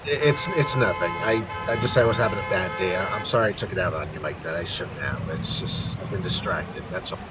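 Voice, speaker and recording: A man voicing a shy young male hero who talks quietly and stammers, in a fan audio drama. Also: mid-range voice, very animated, moderate pace, noisy background, voice pushed down, close to an everyday voice. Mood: subdued.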